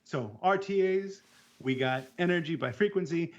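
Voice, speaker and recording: A man co-hosting a casual technical chat about audio measurement, halting and restarting words as he explains. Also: a little high, expressive. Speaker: AV technician co-host. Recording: dull lo-fi sound.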